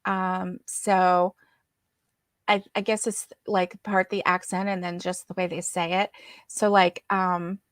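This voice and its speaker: Slow, chatty woman livestream host. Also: lowish voice, level tone, no room sound, studio quality. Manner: chatty, reads comments aloud and greets viewers by name. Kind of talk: casual chat reading viewer comments.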